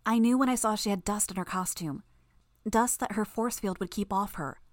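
A woman's voice: mid-range voice, normal speed, dry recording, studio quality, natural voice. A woman voicing a smug young female villain who is injured and talks through the pain. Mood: strained. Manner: strained, clipped, knowing.

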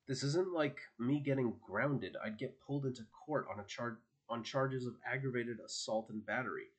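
A man's voice: mid-range voice, normal speed, natural voice. A man doing a sarcastic teenage healer girl. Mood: lecturing. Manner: sarcastic, firm lecturing.

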